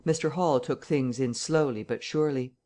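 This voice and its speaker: Measured male audiobook narrator. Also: mid-range voice, mellow.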